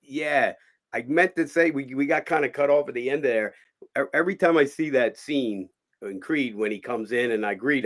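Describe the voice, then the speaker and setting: A middle-aged man, a boxing promoter, telling behind-the-scenes stories in a casual podcast chat and acting out the dialogue. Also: medium pitch. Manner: animated anecdote teller, acts out quoted dialogue.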